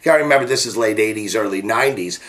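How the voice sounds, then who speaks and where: Energetic middle-aged man telling a story. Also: racing. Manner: energetic, animated, jumps pitch to act out quotes. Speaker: business coach. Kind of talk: motivational storytelling to camera.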